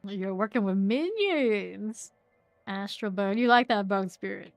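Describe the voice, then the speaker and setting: A woman from Central Florida streams a game and chats casually with her viewers, laughing often. Her mid-range voice is unhurried and creaky, with no echo, faint music behind her and steady background noise.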